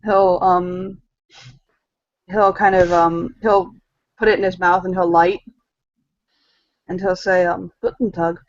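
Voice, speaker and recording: A woman running a tabletop game as game master, narrating hesitantly with many pauses and fillers. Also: on the low side, little pitch movement, no echo. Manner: hesitant, many ums while describing. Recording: dull lo-fi recording.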